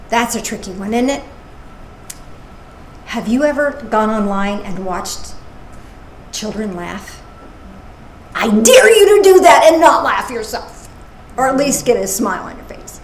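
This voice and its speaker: A woman minister giving a casual, playful sermon with animated asides. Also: fairly high pitch, measured pace, pauses often. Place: church service. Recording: echoey room with faint noise.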